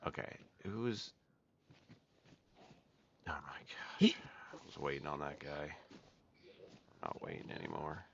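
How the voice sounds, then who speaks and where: Deep gravelly guy talking to chat while he plays, dull lo-fi mic, bit of hiss. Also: animated, measured pace, pauses often, fairly bright tone. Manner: chatty, talks to viewers while playing. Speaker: gaming streamer. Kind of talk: casual live commentary while playing. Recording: dull lo-fi mic with faint noise.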